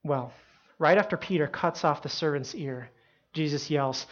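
A woman telling a Bible story as a sermon, animated and dramatic, with asides to her listeners. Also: low-pitched, normal speed. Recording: dull lo-fi sound.

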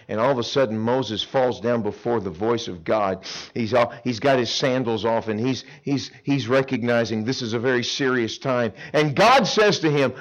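A middle-aged man preaching an animated sermon to teenagers at a camp, telling stories with acted-out voices and swinging between loud and hushed. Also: mid-range voice, moderate pace, rough recording. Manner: dramatic storytelling, acts out characters, swings between loud and hushed. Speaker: camp speaker.

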